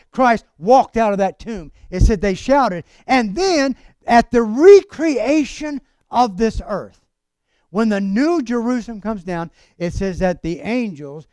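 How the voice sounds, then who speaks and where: A male pastor delivers a fervent church sermon, urging his congregation to answer him. His voice sits high and moves animatedly up and down. The sound is close and dry, with no room echo. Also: clear, resonant tone. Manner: fervent, calls out to the congregation for amens. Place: church service.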